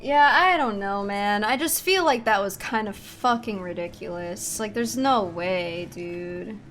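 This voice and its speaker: A woman's voice: medium pitch, unhurried, a bit bright. A young woman streaming a video game, swearing and venting her frustration in casual commentary. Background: clear game music.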